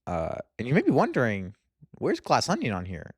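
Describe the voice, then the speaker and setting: A young man talks through a casual movie review vlog, gushing and full of fillers. His pitch leaps up and down as he gets worked up. The sound is dry and close, with no room around it. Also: brisk, husky, dry recording. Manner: excitable, gushing, lots of "like". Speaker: movie vlogger.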